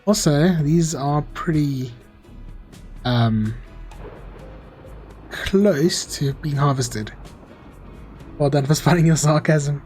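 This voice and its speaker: Young man, gaming commentary, laid-back, jokey about himself, slightly high voice, quiet music under it. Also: takes it slowly, pauses often. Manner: easygoing, self-mocking, chatty. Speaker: gaming streamer. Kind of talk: casual Let's Play commentary reading chat. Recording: faint music behind voice.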